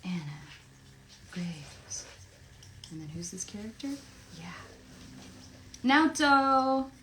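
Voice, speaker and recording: A chatty, playful woman from Tennessee talks from her home into a desk microphone. Her pitch sits in a middle range. There is a faint hiss behind her voice. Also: expressive, takes it slowly, a bit bright, low-quality recording. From Tennessee, USA. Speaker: voice actress signing autographs live. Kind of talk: casual livestream chat. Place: home, near her recording booth.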